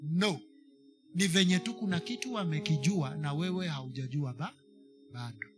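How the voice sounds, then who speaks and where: A man's voice: on the high side, normal speed, over music. A man with a Kenyan English accent preaching a sermon to a congregation, slipping into Swahili and repeating lines for emphasis.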